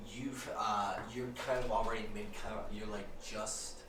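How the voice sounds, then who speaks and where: A man running a tabletop game as game master, narrating with excitement, laughing often and swearing casually. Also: lowish voice, a little slow. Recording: echoey room, distant mic, noisy.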